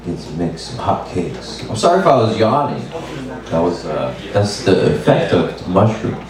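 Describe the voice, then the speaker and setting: A man doing open mic stand-up, laid-back and deadpan with lots of swearing. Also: deep voice, a little slow, recorded from a distance, crowd noise. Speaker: stand-up comedian. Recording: very echoey room, mic from afar, faint noise.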